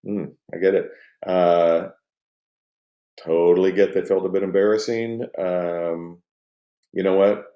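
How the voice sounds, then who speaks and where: Man, middle-aged, casual stream chat, rambling with restarts, low voice, echoey room. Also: steady tone, a little slow, pauses often, dull audio. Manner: rambling, many restarts and fillers, emotional. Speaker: company co-founder hosting a live stream. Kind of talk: casual live-stream chat reading comments. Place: at home.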